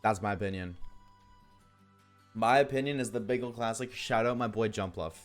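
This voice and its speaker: Brief: male streamer, worn out and yawning, rambly jokey chat with viewers, soft game music under. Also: fairly low pitch, normal speed. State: tired, yawning. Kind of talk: casual live-stream chat while gaming.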